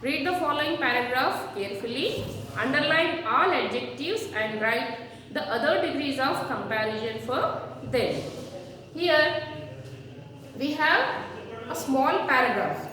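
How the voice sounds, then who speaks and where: A woman teaching a grammar lesson to children, slowly repeating word forms for them. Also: high voice, lively intonation, bright, forceful tone. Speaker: schoolteacher. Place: classroom. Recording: echoey room, far from mic.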